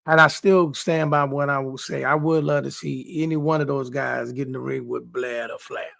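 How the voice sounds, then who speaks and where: A man hosting a sports podcast gives emphatic, casual boxing commentary, repeating phrases for emphasis and talking straight to people. His mid-range voice is gravelly and a bit bright, with fairly even intonation at a normal speed.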